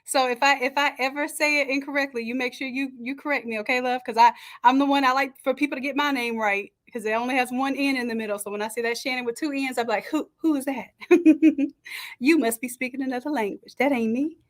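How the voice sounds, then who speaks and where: A woman hosting a live stream from a home setup, chatting and greeting each viewer warmly by name. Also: high voice, steady tone, quick pace. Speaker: livestream host and design coach. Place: home setup with makeshift camera stand. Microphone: camera on a stand.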